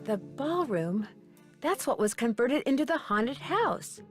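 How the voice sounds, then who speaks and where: Brief: a composed young detective, a bit high, faint music. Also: female voice, very animated, unhurried. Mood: calm. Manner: polite, composed. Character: young woman detective, calm. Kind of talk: game voice acting.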